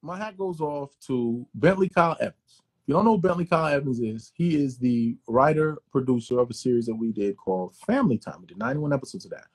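A man, an actor, telling stories in a casual interview, animated and profane, often repeating words. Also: mid-range voice, fast talker, slightly rough. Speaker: actor guest.

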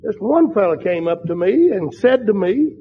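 Older guy preaching slow and fervent, really high voice, dull recording with long hall echo. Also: big pitch swings, slightly rough. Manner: fervent preaching, drawn-out emphatic phrases. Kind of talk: sermon. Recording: dull lo-fi sound in a large reverberant hall.

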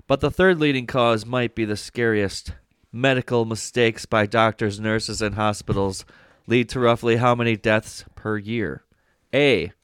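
A man with an ordinary mid-pitched voice, reading quiz questions in a deadpan game-show way and mocking himself between them. His voice sits dry and close to the mic. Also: clear, resonant tone, no echo. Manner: deadpan quizmaster, self-mocking. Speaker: podcast guest running a quiz segment. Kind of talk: casual chat.

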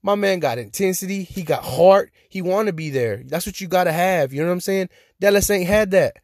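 Animated man ranting on his podcast. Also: high voice, fairly quick, dry recording, clean studio sound. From Texas. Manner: animated, ranting, repeats "you hear me?". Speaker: podcast host. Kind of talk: casual solo podcast rant.

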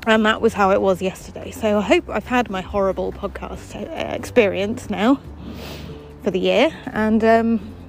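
A woman's voice: mid-range voice, moderate pace, creaky, soft background music, poor audio. A woman hosting a daily walking podcast, chatting in a wry, self-deprecating way outdoors on a footpath. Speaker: podcast host. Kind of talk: casual chatty monologue while walking.

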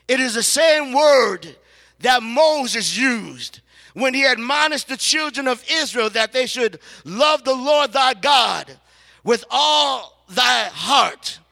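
A man preaching a sermon to his church, stretching out words slowly and calling out hallelujah between phrases. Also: extremely high pitch, creaky, sharp tone. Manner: preaching with frequent hallelujahs and slow emphatic phrases. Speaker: pastor. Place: large church sanctuary. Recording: long hall reverb.

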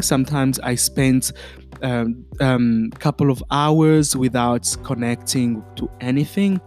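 A man's voice: medium pitch, darkish tone. A man with a French accent hosting a podcast, giving an earnest motivational talk full of fillers and restarts. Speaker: podcast host. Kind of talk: motivational monologue.

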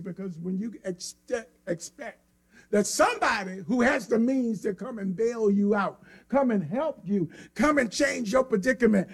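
High, gravelly preacher man, impassioned. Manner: impassioned, swings from hushed to shouting. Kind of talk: sermon.

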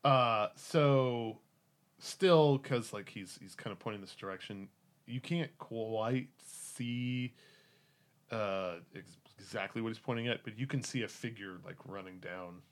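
A man's voice: on the low side, a little slow. A man narrating a tabletop game as game master, in a casual, rambling way full of fillers.

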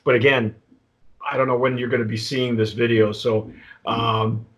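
A man's voice: medium pitch, flat delivery, muffled recording. A man hosting a casual tequila tasting chat, rambling and restarting often. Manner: rambling, halting, with many restarts and fillers. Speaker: tequila review host.

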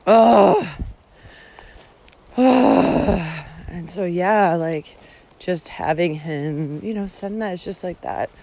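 A woman's voice: fairly low pitch, takes it slowly, creaky, mellow. A woman vlogger telling a personal story in a candid, emotional way, swearing freely and using lots of fillers as she walks outdoors. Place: outdoors, walking along a route.

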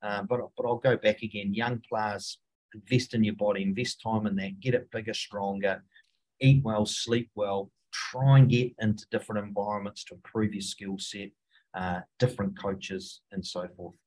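Man, New Zealand accent, middle-aged, lowish voice, halting, lots of ums and restarts, casual interview guest. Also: fairly even intonation, a little mellow, poor audio. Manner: halting, many fillers and restarts. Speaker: rugby coach, guest.

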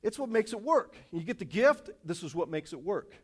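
A male pastor giving a sermon in a casual, joking, animated way, telling stories to the congregation. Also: sits high, normal speed, breathy edge. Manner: casual, animated storytelling with jokes.

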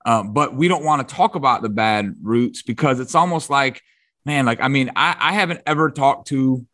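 A male podcast host speaks in a casual, eager way at a middle pitch. He restarts his sentences often. His voice sounds close and dry, with no room around it. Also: normal speed, a bit bright, no room sound. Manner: enthusiastic, restarts often, says "bro".

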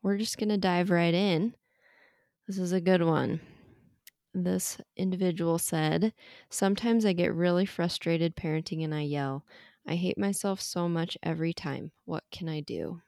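A woman's voice: on the low side, unhurried, gravelly, a little mellow, no room sound, clean studio sound. Woman opening a podcast, reading a question. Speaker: podcast co-host.

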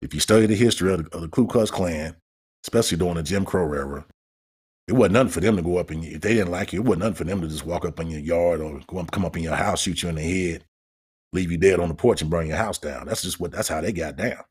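A man's voice: low-pitched, fast talker, darkish tone, breathy edge. A man hosting a podcast, talking in a heated, emphatic monologue and repeating words as he builds up steam. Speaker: podcast host.

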